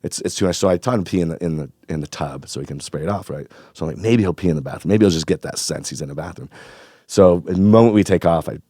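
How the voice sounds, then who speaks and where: A man from Northern California telling a long, animated, profane story in casual chat, acting out the voices of the people in it. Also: sits low, fast, no room sound, clean studio sound. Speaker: podcast guest.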